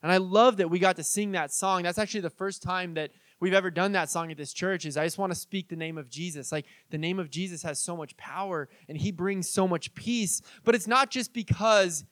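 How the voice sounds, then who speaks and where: A man's voice: high voice, brisk, hardly any pauses, fairly bright tone, no room sound. A man in his thirties preaching a conversational sermon, telling stories and acting out quoted voices. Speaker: pastor.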